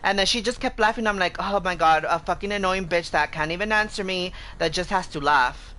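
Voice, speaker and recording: A woman's voice: on the low side, sharp tone. A woman streamer telling a story in casual chat, profane and heated, quoting herself over and over. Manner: profane, heated retelling of an argument; fast, repetitive quoting with "I'm like". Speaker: game streamer.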